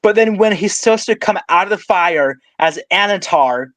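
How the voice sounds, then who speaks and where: A man's voice: sits high, expressive, moderate pace, a bit bright, no echo. A man co-hosting a podcast, complaining sarcastically about a TV show in casual chat. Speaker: podcast co-host.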